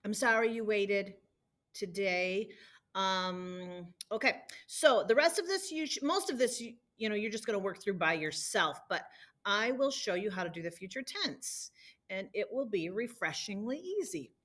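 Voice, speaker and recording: A woman's voice: medium pitch, animated, normal speed, a bit bright. Woman, teacher, recorded lesson, patient step-by-step explaining, repeats drills. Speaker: Spanish teacher.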